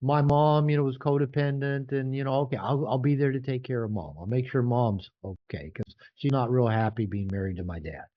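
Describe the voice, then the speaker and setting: An older man, an author being interviewed, talking casually and animatedly, often jumping higher to act out quoted voices. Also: a little fast, few pauses, lo-fi sound. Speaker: author and guest.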